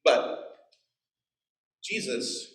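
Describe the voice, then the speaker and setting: A man's voice: extremely slow, fairly bright tone, echoey room, rough recording. A man in his forties preaching a sermon, telling the story with playful asides and acted-out quotes. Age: 40s. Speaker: pastor. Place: church.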